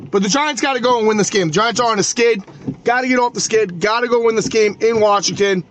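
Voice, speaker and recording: High-pitched, profane New sports ranter. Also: male voice, fast, fairly bright tone. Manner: profane, agitated ranting with stammered restarts. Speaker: podcast host. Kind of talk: solo sports rant. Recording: noisy background ambience.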